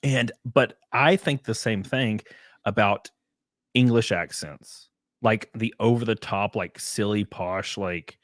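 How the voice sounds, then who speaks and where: Man, Southern American accent, casual livestream host, rambling, low voice, dry sound. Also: slow pace, dry recording. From Southern United States. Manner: laid-back, rambling, laughs often. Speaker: podcast host.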